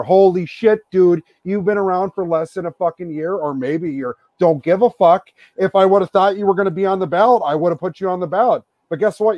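A man's voice: high-pitched, no room sound, muffled recording. A man co-hosting a podcast, ranting angrily with lots of swearing and mocking impressions. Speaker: podcast co-host. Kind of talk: profane ranting podcast chat.

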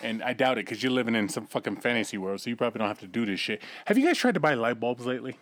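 A young man talking fast and animatedly on a casual podcast, his pitch jumping around as he swears freely and pushes the conversation forward. The sound is close and dry. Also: no echo. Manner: brash, profane, animated.

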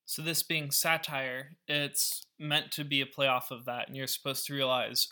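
A man's voice: mid-range voice, flat delivery, moderate pace, few pauses, bright, forceful tone. A man and podcast host who explains a scripture story in a casual, wry way, with asides. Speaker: podcast Bible teacher.

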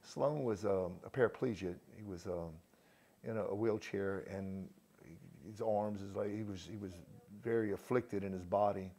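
Fervent low-voiced pastor praying. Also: male voice, warm tone. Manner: fervent, repeats praise words, halting restarts. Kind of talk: prayer and church testimony.

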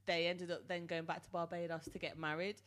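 A woman's voice: on the low side, little pitch movement, fairly quick, a crowd in the background. A woman presenter telling a rambling story in casual banter, laughing often.

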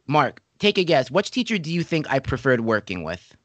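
A man's voice: medium pitch, normal speed, dry recording. Chatty man hosting a podcast, dry sound. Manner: chatty storyteller, animated impressions. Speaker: podcast host. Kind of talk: casual interview chat.

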